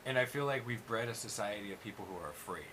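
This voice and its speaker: Guy hosting, low-ish voice, rambly and sweary, hissy recording. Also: quick pace. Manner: rambling, swears often, restarts sentences. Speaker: host. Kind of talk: casual chat. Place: studio room. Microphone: 360 camera.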